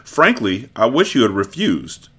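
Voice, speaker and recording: Guy reading as a spanish swordsman who hates the job, quiet and reluctant. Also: on the low side, huge pitch swings, measured pace, breathy edge, full character voice. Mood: uneasy. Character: slender, uneasy male Spanish swordsman.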